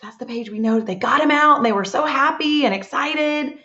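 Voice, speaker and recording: In a dull, echoey room, a woman with a high, sharp-toned voice speaks at normal speed. She's a teacher taking young children through a reading lesson, encouraging them with lots of praise.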